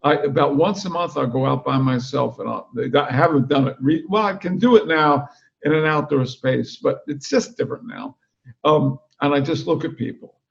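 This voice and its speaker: Older guest storyteller, gravelly and animated, on a video call. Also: male voice, on the high side, moderate pace, muffled recording. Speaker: interview guest, author. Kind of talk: casual chat.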